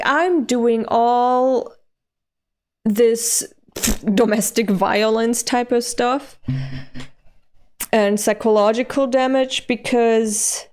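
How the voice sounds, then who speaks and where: A woman reading a manga aloud and reacting with expressive, animated commentary that jumps high when she is moved. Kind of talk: emotional read-along reaction.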